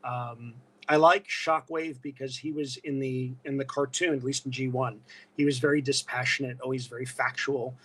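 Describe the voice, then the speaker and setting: A man from Brooklyn with a New York accent, a guest chatting casually and telling animated stories. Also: mid-range voice, normal speed, breathy edge, rough recording. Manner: animated storyteller, breaks into voices. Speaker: guest, illustrator and costume actor. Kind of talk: casual interview chat.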